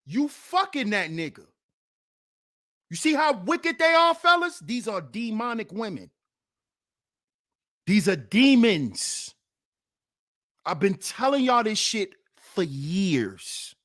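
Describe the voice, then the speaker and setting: Slow, preachy man, lively pitch. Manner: preachy, emphatic, repeats and mocks. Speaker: channel host and commentator. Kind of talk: heated commentary on a played clip.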